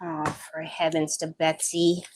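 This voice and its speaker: A woman hosting a casual crafting livestream, chatty and excitable, thinking aloud as she works and tossing in playful made-up phrases. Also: sits low, unhurried, slight background noise.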